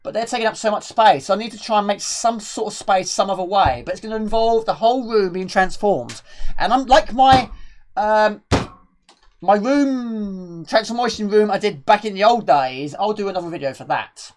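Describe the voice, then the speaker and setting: A woman's voice: mid-range voice, moderate pace, a little mellow. A woman streaming retro games live, chatting with viewers and reading game text aloud.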